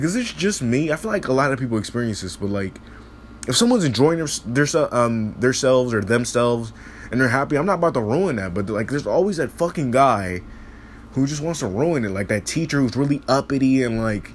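A man's voice: medium pitch, a little hiss or hum. A teenage boy ranting in frustration, swearing constantly and rambling with many restarts. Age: teens. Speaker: high school student venting. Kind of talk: casual rant.

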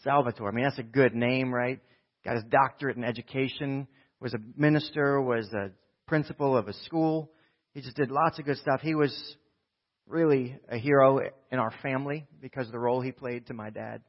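A man's voice: mid-range voice, fairly even intonation, fairly quick. Emphatic preaching man, lo-fi sound. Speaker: pastor. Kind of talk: sermon. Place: church. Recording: dull lo-fi recording.

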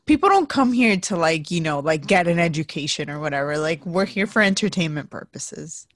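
A young woman co-hosts a casual podcast, chatting freely and often breaking into laughter. She sometimes trails off into a low murmur. The recording is close and dry, with no room sound. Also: animated, a little fast, no room sound. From southern United States. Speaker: podcast co-host. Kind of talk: casual chat.

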